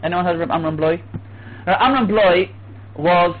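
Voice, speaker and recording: A man giving an animated Torah class, restarting phrases and acting out what others said. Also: high-pitched, moderate pace. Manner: animated, acts out voices, restarts often. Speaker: Torah teacher. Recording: tinny phone-like line with faint hiss.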